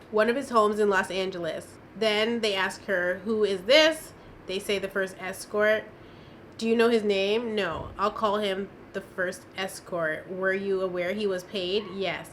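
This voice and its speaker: Bright-voiced woman recapping court testimony. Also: medium pitch, slight background noise. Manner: reads testimony aloud with sassy asides. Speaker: commentator recapping a trial. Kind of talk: casual commentary reading court transcript.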